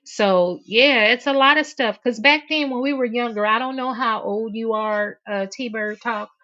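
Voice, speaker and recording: A woman's voice: fairly high pitch, a little slow, sharp tone, lo-fi sound. A woman in her fifties hosting a casual livestream, talking candidly and emphatically, often laughing mid-sentence. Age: 50s. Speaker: livestream host. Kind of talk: casual livestream talk reading chat.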